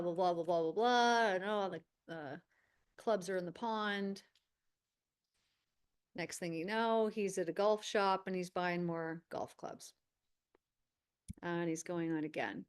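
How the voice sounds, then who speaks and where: A woman hosting a spiritual circle, narrating a channeled vision step by step over a video call, often pausing with "okay". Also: medium pitch, clear, resonant tone. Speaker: spiritual teacher and host.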